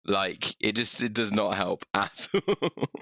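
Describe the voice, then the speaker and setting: A young man co-hosting a casual podcast, reacting with wry remarks and quick laughs. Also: on the low side, lively intonation, bright, forceful tone, no echo, studio quality. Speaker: podcast co-host. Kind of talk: casual chat.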